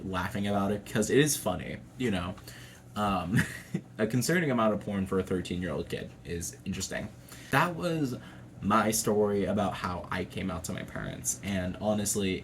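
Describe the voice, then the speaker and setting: A man's voice: on the low side, slight background noise. A young adult man telling a personal story to camera in a casual, chatty way, swearing freely and laughing often. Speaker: vlogger.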